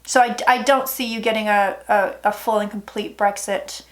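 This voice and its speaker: A woman psychic talking through a tarot reading in a chatty, dramatic way, with sudden loud asides. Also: mid-range voice, fairly even intonation, normal speed. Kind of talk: casual tarot reading vlog.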